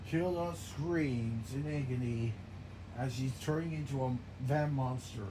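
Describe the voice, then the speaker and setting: A man improvising a game narration in an excitable, stumbling way, often restarting his phrases. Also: medium pitch, a little slow. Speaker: gameplay narrator. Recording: noisy background.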